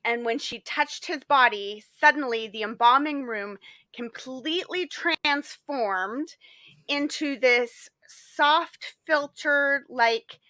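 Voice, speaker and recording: Woman podcast co-host, high bright voice, lively casual storyteller, dry close sound. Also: slow, dry recording. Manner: lively storytelling, frequent fillers. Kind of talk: casual chat.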